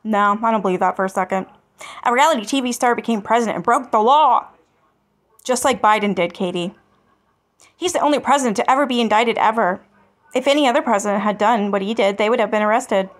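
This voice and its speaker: A woman hosting a commentary channel, reading online comments aloud and answering them with sarcasm and swearing. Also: on the high side. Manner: sarcastic and scornful, swears freely.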